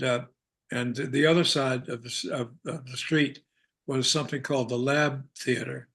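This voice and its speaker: An older man from Arkansas, an actor guest telling anecdotes in a meandering, halting way and chuckling often. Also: medium pitch, gravelly, a bit bright, breathy edge. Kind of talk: casual anecdotal storytelling.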